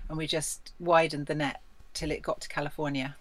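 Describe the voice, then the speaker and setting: A woman film director answering interview questions in an effusive, animated way with frequent laughter. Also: low-pitched, brisk.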